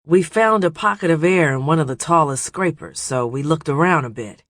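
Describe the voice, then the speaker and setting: A man's voice: on the high side, moderate pace, no room sound, studio quality, voice pushed up. A man doing a brash, boastful sand diver. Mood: eager. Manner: excited and eager, raised voice.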